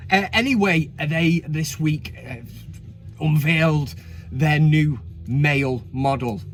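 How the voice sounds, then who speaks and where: A man hosting a casual comedic countdown, chatting cheekily with frequent swearing and asides. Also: on the high side. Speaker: host.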